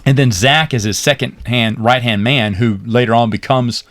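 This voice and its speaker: A man co-hosting a podcast, retelling TV episodes in a rambling, animated way with laughs. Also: medium pitch, moderate pace, no room sound. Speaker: podcast co-host. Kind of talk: casual chat recapping a TV series.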